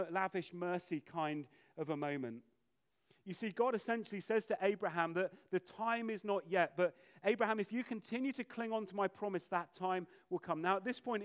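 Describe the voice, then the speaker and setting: A man preaching a sermon, animated and acting out the voices of biblical figures. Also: sits high.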